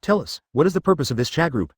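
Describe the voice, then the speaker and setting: A man's voice: on the high side, big pitch swings, fast, husky, dry recording. A man reading the lines of a cheerful, talkative male ninja leader ghost who teases others, in a synthetic storybook voice. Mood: teasing. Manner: laughs loudly and teases.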